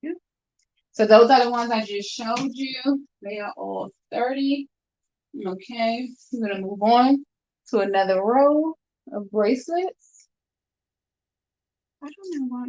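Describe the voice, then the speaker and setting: Here a woman's fairly high, slightly mellow voice comes at a slow pace with long pauses. Selling her handmade bracelets live from a room at home, she chats with viewers in a friendly, upbeat, casual way. The stream's lo-fi audio is dull.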